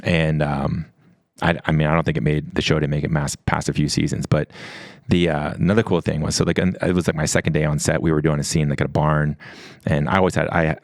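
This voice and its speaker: A middle-aged man with a very deep, low voice tells stories quickly in a relaxed podcast chat. He rambles, restarts his sentences and acts out quoted dialogue. The sound is dry and close. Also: no room sound. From US East Coast. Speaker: podcast guest. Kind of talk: casual storytelling.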